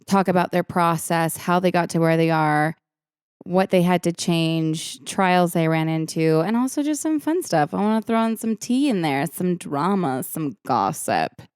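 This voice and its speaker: Young woman host, Valley girl lilt, lower-pitched for a woman, dry close sound, chatty and self-mocking. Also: a little slow, darkish tone, clear, resonant tone, no echo. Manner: chatty, self-deprecating, rambling tangents. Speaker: podcast host. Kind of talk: casual solo podcast chat.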